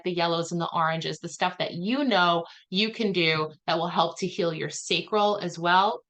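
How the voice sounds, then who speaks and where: A spiritual healer appearing as a guest, a woman with a mid-range, slightly bright voice, loosely explains a healing session in casual chat. She rambles and leans heavily on "like" as a filler.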